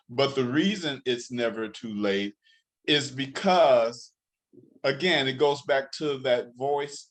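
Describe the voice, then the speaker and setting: Slow-speaking male life coach. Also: mid-range voice. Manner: earnest, coaching tone, repeats for emphasis. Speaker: life coach and author, interview guest. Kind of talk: conversational interview.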